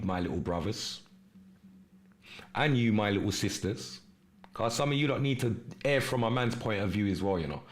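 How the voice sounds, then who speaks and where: A man hosting a live stream podcast, delivering an urgent, preachy monologue in street slang and shouting out viewers in the chat. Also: mid-range voice. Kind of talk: impassioned livestream monologue with chat shout-outs.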